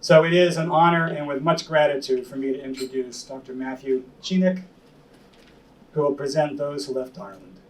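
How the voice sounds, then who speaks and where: A man introducing a guest speaker to a group in a chatty way, adding a quick plug for membership. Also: on the high side. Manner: chatty, reads out quotes. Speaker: event organizer introducing the speaker. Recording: distant mic in a room with faint noise.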